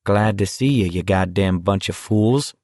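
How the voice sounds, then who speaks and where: A man voicing a crude, sneering teenage boy with a flat Midwestern accent, cursing at a crowd. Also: deep voice, a little slow, dry recording, studio quality. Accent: flat Midwestern American.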